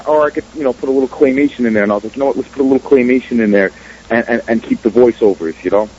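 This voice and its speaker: On dull radio audio with a bit of hiss or hum, a man with a New York-area accent and a medium, darkish voice tells stories as a filmmaker guest in a casual interview. He comes across as profane and streetwise.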